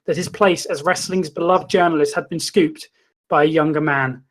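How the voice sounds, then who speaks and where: A man hosting a comedy show, reading a mock-documentary story in a deadpan, mock-dramatic way. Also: on the high side, normal speed. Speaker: comedy host. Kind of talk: mock-documentary comic narration.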